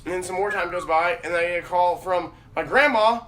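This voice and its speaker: A young man rattles off a profane, rambling story at a quick clip, his voice a touch high. He is picked up from across an echoey room, with a soft hum underneath. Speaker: podcast host. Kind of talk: casual storytelling. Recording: roomy room, distant mic, faint background hum.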